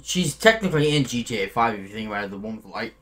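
A man's voice: lowish voice, big pitch swings, racing, fairly bright tone. A man giving casual, profane commentary over a video game with a friend, joking and trading insults. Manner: crude, joking, trades insults with his friend. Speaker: gaming commentator.

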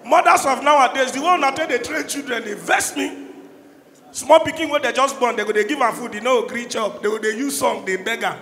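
Loud Nigerian Pidgin comedian in an echoey hall. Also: male voice, very high-pitched, brisk. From Anambra State, Nigeria. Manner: loud, shouting punchlines in Pidgin. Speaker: stand-up comedian. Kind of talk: stand-up comedy. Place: live comedy show in a large hall. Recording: echoey hall, crowd noise. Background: crowd laughing and cheering.

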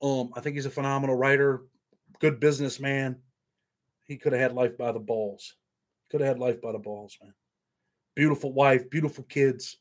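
A man's voice: mid-range voice, fairly even intonation, moderate pace, long pauses. A man hosting a casual livestream, rambling and swearing while reading viewer comments aloud. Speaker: show host.

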